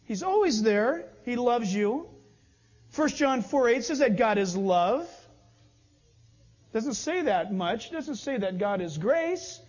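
A pastor preaches slowly but with animation, playing out short back-and-forth conversations while his pitch swings widely. His voice is high and somewhat husky; the sound quality is dull and lo-fi.

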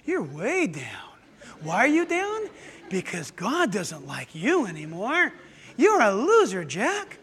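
A preacher voicing a sly male Satan who tempts in a low, coaxing murmur, in a reverberant hall. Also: wildly swooping pitch, slow, a bit bright, full character voice. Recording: long church hall reverb.

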